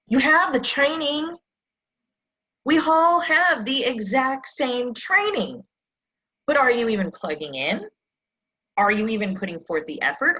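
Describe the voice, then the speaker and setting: A woman's voice: on the high side, pushed and bright, highs cut off. A woman success coach giving an emphatic motivational coaching session, full of rhetorical questions, over a live stream mic.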